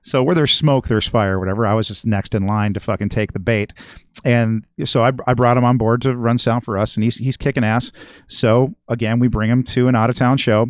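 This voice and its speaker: A middle-aged man tells a rambling, profanity-laden story into a close studio mic. His voice has a smooth, resonant tone at a mid pitch. The room sound is dry and tight. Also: steady tone, a little fast, no room sound. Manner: profane, rambling, swears constantly. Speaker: guest musician and regular. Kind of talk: casual podcast storytelling.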